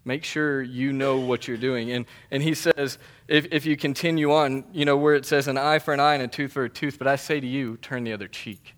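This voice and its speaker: A man's voice: mid-range voice, fairly even intonation, fairly quick, hardly any pauses. A man delivering a sermon as a pastor, speaking in an earnest, conversational way with emphatic repetition.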